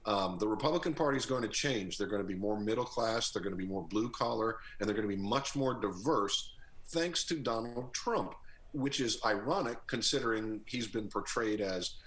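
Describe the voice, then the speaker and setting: A man speaking as a political strategist in a remote news interview, pausing often with ums and uhs. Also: on the low side, expressive, a bit bright. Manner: hesitant, many ums and uhs.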